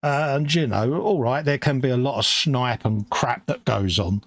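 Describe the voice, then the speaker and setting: A man's voice: mid-range voice, unhurried, fairly bright tone, dry recording. A middle-aged man with a London accent, co-hosting a live hobby stream in easygoing, self-mocking chat. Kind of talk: casual banter.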